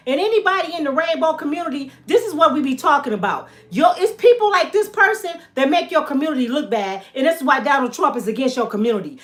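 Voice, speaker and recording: Heated high-voiced woman ranting to viewers. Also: a bit bright. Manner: heated, emphatic, addresses viewers as y'all. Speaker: channel host. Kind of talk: angry vlog rant to viewers.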